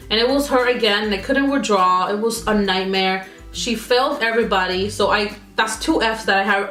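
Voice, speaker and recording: A woman's voice: mid-range voice, fairly bright tone, reverberant. A young woman vlogger venting in a casual, rambling chat while she does her makeup, full of "like" fillers and exasperated asides. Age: young adult. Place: indoor room at home. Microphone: camera mic.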